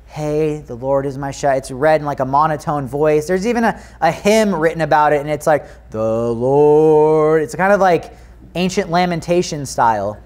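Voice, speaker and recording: High-voiced American pastor preaching. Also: male voice. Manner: earnest, conversational preaching with prayer and scripture reading. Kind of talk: sermon. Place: church sanctuary.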